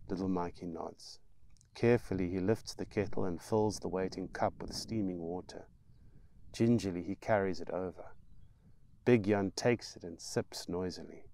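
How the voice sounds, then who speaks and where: A man reading his own novel aloud in slow, measured storytelling. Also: low voice, mellow. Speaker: author and narrator.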